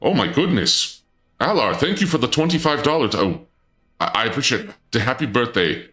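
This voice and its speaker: A man streaming casually in a dark lord persona, flustered and indignant, stammering and restarting often, with sudden high-pitched outbursts. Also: big pitch swings, normal speed, faint music behind.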